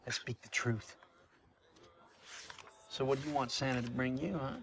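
A man's voice: mid-range voice, steady tone, normal speed, vocal fry, a little hiss or hum, natural voice. An actor playing a cynical, sarcastic man working as a street Santa in a film. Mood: defiant. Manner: sarcastic, taunting.

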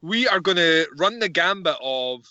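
Bright, high-voiced joking man. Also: expressive, normal speed, dry recording, dull audio. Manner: joking, with fillers and mocking. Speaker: podcast host. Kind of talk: casual comedic chat.

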